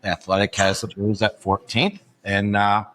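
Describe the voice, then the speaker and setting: A man with a low-pitched but bright, forceful voice talks sports on a podcast. He speaks casually and pauses often on "um" as he gathers his thoughts. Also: flat delivery, slight background noise. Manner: hesitant, frequent "um" fillers. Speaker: podcast co-host.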